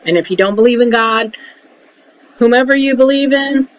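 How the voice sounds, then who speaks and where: A woman talking casually to camera, giving frank advice and often checking in with a quick "okay?". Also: a little high. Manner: chatty, keeps checking in with "okay?"; frank, mildly salty. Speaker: emotional support vlogger. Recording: dull lo-fi audio with faint hiss.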